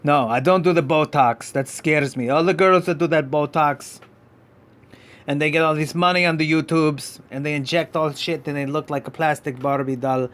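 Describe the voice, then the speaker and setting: Man doing a goofy dino puppet pup, vague put-on foreign accent, slightly high voice, halting, rambling podcast host. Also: fairly even intonation, fairly bright tone, natural voice. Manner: rambling, halting, many restarts. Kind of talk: live podcast character act.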